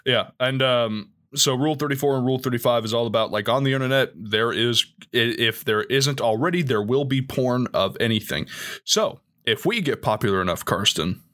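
A man's voice: mid-range voice, fairly quick, fairly bright tone. A young man co-hosting a casual podcast, reading rules aloud and adding jokey asides. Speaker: podcast co-host. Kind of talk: casual chat.

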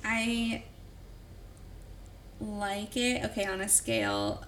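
A woman's voice: medium pitch, sing-song, slow, a bit bright, a little hiss or hum. A young woman co-hosting a podcast, chatty and playful, giggling through casual conversation. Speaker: podcast co-host. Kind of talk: casual chat.

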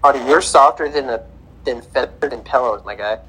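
A man's voice: medium pitch, moderate pace, a bit bright, breathy edge, poor audio. A man co-hosting a casual sports podcast, giving emphatic, repeated opinions. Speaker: podcast co-host.

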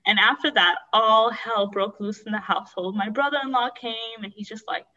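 A woman's voice: mid-range voice, steady tone, normal speed, pushed and bright, recorded from a distance, muffled recording. A woman candidly recounting a painful personal story in a rambling, emotional way. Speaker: guest sharing her story.

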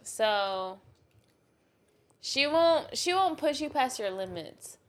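A woman's voice: sits high, lively intonation, slow pace, fairly bright tone. A woman as a podcast guest in casual chat, playful and teasing, swearing freely.

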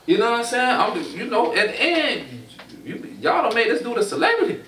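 A man's voice: very high-pitched, very animated, fairly quick, pushed and bright, distant mic. A man co-hosting a casual podcast chat, arguing his point with lots of rhetorical questions and "you know what I'm saying". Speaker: co-host. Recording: echoey room, voice off-mic, faint noise.

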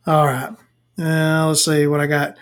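A woman's voice: deep voice, completely flat delivery, a little slow. A woman, telling blunt, profane work stories to camera in a casual rant. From Southern United States. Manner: profane, blunt, laughing storyteller. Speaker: vlogger.

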